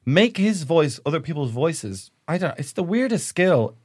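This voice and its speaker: A man's voice: on the high side, normal speed, husky. A man co-hosting a comedy podcast, telling rambling anecdotes in casual chat. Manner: rambling, animated storytelling. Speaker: podcast co-host.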